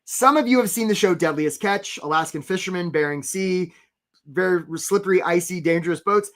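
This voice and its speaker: A man coaching job seekers in a live webinar, talking fast and energetically and addressing viewers in the chat. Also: high voice, a bit bright. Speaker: career coach hosting a webinar.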